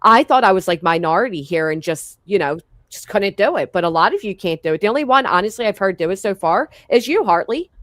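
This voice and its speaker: A woman's voice: mid-range voice, animated, fast, a bit bright, no room sound. A woman hosting a casual online chat panel, asking curious questions and laughing easily. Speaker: host.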